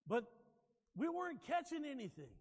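A male pastor preaching a sermon, telling stories in an animated way and joking with his congregation. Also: very high-pitched, moderate pace, big-room sound. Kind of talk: sermon with personal storytelling.

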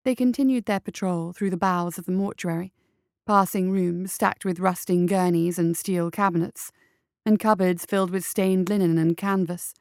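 A woman narrating a story as an audiobook, in a measured, even storytelling manner. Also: fairly low pitch, clean tone, dry recording, studio quality.

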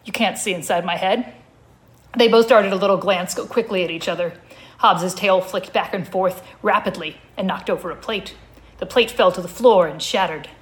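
Woman reading a funny story deadpan, mid pitch. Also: normal speed. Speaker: comedic reader. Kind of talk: comic story reading at a live show.

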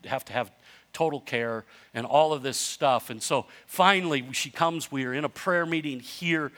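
An older man delivers a sermon in a bright, tense voice that sits a little high for a man. He wanders through stories with false starts, then drives his points home in emphatic, rising runs. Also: moderate pace. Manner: animated preaching, rising to loud emphatic runs; conversational storytelling with self-interruptions. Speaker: pastor.

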